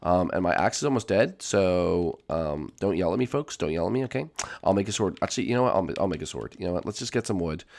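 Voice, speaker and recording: A young man giving casual, excitable let's-play commentary to his viewers, jumping between gasps and chatter. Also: low voice, quick pace, gravelly. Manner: excitable, jumpy, talks to viewers as folks. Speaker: gaming YouTuber.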